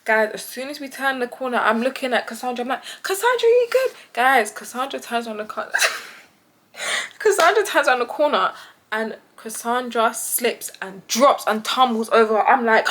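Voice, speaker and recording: Young British woman vlogger, fairly high voice, lively storyteller who acts out every voice. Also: moderate pace. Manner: animated, acts out quoted voices with big pitch jumps. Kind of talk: storytime vlog.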